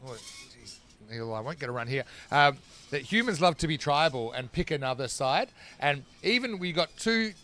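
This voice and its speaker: A man's voice: fairly high pitch, a bit bright. A man from Australia commentating live cricket, chatting between balls and breaking off to call the play. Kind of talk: live sports commentary and chat.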